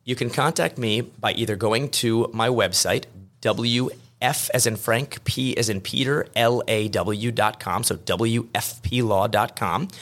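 Low, gravelly male attorney guest. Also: fairly bright tone. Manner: rambling storyteller, many fillers and restarts. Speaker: estate planning attorney, guest. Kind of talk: podcast interview conversation.

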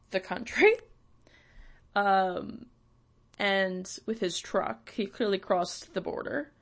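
A young woman from Canada, hosting and ranting bluntly with swearing and sarcasm. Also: medium pitch. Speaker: podcast host. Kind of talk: ranting monologue.

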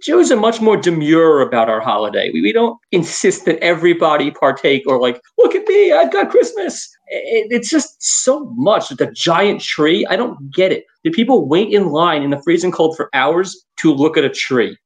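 A man with a slightly high voice rants wryly on a casual podcast. His pitch rises and falls a lot, and his delivery is dry and sardonic. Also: expressive, moderate pace, hardly any pauses. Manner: sardonic, wry ranting. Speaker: podcast co-host. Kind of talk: casual comedic chat.

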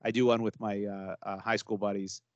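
A man's voice: fairly low pitch, little pitch movement, fairly quick, dry recording, lo-fi sound. Rambling middle-aged man, dry close mic. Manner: rambling storyteller, many fillers and restarts. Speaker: podcast co-host. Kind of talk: casual podcast banter. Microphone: close podcast mic.

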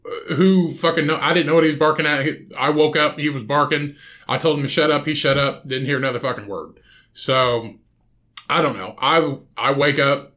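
A man's voice: mid-range voice, bright, forceful tone. A man hosting a solo podcast, rambling casually with constant swearing. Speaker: podcast host.

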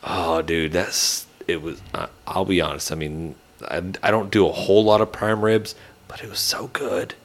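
A man's voice: deep voice, steady tone, moderate pace. A man hosting a podcast, telling stories in a laid-back, casual way. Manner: laid-back, storytelling, says dude. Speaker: podcast host. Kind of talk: casual chat.

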